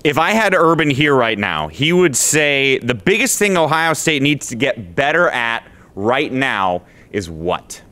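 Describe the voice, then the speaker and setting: A man's voice: medium pitch, very animated, a little slow, few pauses, pushed and bright. A man hosting a sports TV interview, asking questions in an upbeat, conversational way. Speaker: sports TV host.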